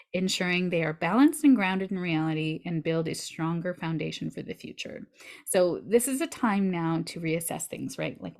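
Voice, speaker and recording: A woman astrologer giving a weekly forecast in a chatty, animated way, with breezy asides. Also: lowish voice.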